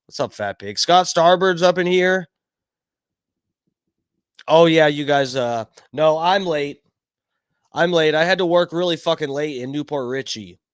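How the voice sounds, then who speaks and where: A man hosting his own live stream, rambling casually with plenty of swearing and shout-outs to chatters by name. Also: medium pitch, clear, resonant tone, no echo, studio quality. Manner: rambling, profane, greets chat by name. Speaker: livestream host.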